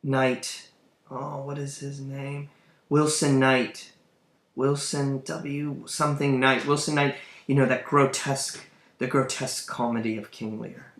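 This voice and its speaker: A man with a mid-range, slightly bright voice lectures on a play at a measured pace and with flat delivery. He thinks aloud as he goes, hunting for words and restarting sentences. The recording has a roomy echo.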